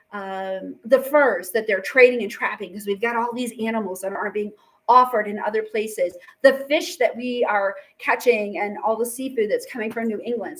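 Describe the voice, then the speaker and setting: A woman teacher giving a casual, chatty history lecture, full of fillers and playful asides. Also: sits high. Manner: chatty, acts out quotes with fillers.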